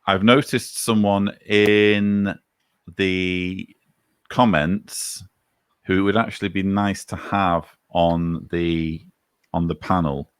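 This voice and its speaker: A man's voice: low voice, steady tone, slow pace, smooth, dry recording. A man from England with a Manchester accent hosting a casual livestream chat with dry, self-mocking humor. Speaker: livestream host.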